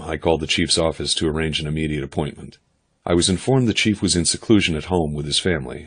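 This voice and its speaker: A man doing steady, measured first-person audiobook narration. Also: a bass voice, breathy edge.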